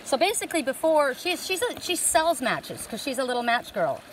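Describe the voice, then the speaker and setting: A woman's voice: sits high, very animated, moderate pace, a little hiss or hum, low-quality recording. A middle-aged woman giving a spiritual oracle card reading, talking in a rambling, heartfelt and emotional way.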